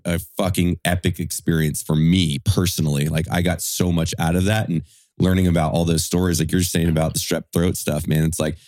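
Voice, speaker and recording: A man's voice: sits low, flat delivery, a little fast, darkish tone, dry recording, clean studio sound. A man in a casual podcast chat, talking enthusiastically in laid-back slang.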